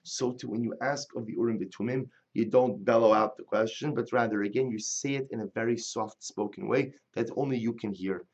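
A man's voice: medium pitch, fairly quick, few pauses, darkish tone. Man teaching a Talmud class, lo-fi. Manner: reads Hebrew and Aramaic text aloud, then explains it in English. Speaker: Torah teacher.

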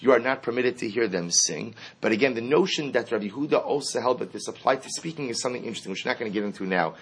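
A man giving a Talmud lesson, reading Aramaic lines and explaining them in English with lively emphasis. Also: medium pitch, rapid-fire, slightly rough. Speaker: Talmud teacher. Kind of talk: Talmud class lecture.

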